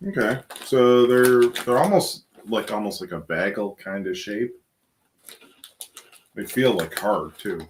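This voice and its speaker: Low-voiced man, rambling snack chat. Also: a little slow, a little hiss or hum. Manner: rambling, hedging with many likes and you-knows. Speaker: co-host of a snack tasting show. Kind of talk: casual snack tasting chat.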